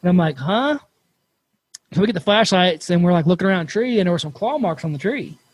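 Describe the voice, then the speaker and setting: A man hosting a podcast, telling a campfire story in a casual, animated way and swearing freely. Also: high-pitched, very fast. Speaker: podcast host.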